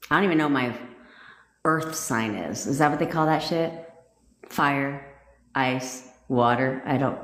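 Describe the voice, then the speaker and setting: A woman coaching viewers on a casual livestream, blunt and profane and quick to laugh as she greets people and cheers them on. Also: a bass voice, fairly bright tone, roomy sound. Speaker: manifestation coach hosting a livestream.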